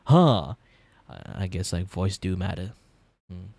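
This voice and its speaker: Here the voice is low, warm and creaky, with a level tone and moderate pace. The speaker is a young vtuber streamer with a Malaysian English accent who rambles casually as he draws live, swearing freely and laughing often.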